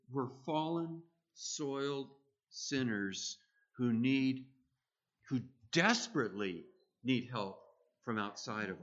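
Slow, bright-toned male preacher. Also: a little high, lo-fi sound. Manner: emphatic, repeats key phrases with rising force. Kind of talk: sermon.

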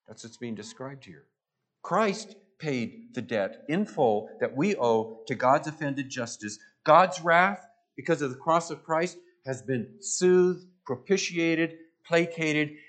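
A man with a medium-pitched, fairly bright voice preaches a sermon emphatically. He lets his voice swell and drop for stress and repeats phrases to drive points home.

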